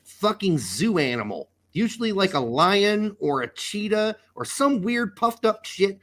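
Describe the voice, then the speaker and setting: A man's voice: high-pitched, sing-song, a little slow, fairly bright tone. A middle-aged man co-hosting a casual podcast, riffing in joking, profane banter. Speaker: podcast co-host. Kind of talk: casual chat.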